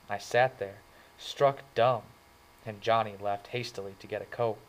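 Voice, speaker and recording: A man's voice: lowish voice, rough recording. A man reading a novel aloud in the first person, in an earnest, plain storytelling manner. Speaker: audiobook reader.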